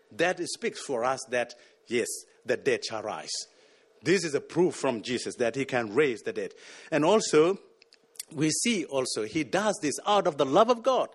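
A man's voice: mid-range voice, expressive, unhurried, husky. A man preaching a sermon, emphatic and repeating words as he searches for them.

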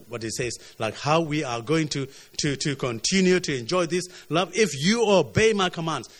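A man preaching a sermon in a voice of middling pitch. He keeps stopping to ask "you see?" and repeats words as he restarts, his phrases swinging from raised and emphatic down to quiet and low.

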